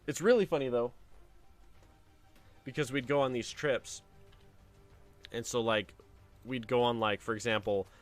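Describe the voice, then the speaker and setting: A man streaming a game, telling family stories in a casual, lively way and acting out the voices of the people in them. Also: medium pitch, a little slow, long pauses, faint music behind. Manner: animated anecdote telling with acted-out quotes. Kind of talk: casual storytelling while playing a game.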